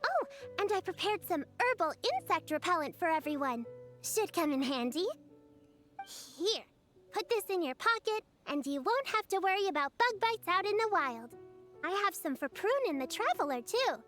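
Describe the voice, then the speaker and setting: A woman's voice: very high voice, big pitch swings, moderate pace, fairly bright tone, full character voice. A woman voicing an earnest, caring little girl who fusses over everyone, in a video game. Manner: fussing, caring. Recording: game audio with music behind.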